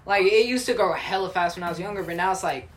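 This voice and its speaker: A man's voice: high voice, fast talker, a bit bright, roomy sound, slight background noise. A young man joining a casual podcast chat with friends, throwing in blunt, profane remarks.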